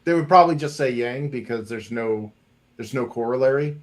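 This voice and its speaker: Man, casual podcast chat, rambling and quick, plenty of restarts. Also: mid-range voice.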